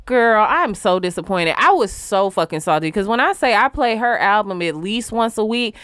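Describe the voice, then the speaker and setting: Animated, profane woman podcast co-host. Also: medium pitch, moderate pace, clear, resonant tone, no room sound, studio quality. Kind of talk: candid casual chat.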